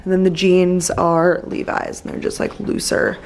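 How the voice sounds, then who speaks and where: Young female vlogger, chatty and excitable, talks to camera at arm's length. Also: fairly low pitch, moderate pace, a little hiss or hum, rough recording. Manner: chatty, lots of likes, easily excited. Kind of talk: casual chat to camera. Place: apartment and hotel room, indoors.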